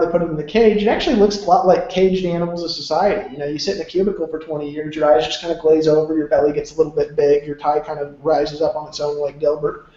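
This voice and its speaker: A man's voice: a little high, a little mellow. A man giving a rambling, emphatic motivational talk with casual cursing. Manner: emphatic, rambling, salty language. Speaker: motivational speaker. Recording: very echoey, dull lo-fi room sound.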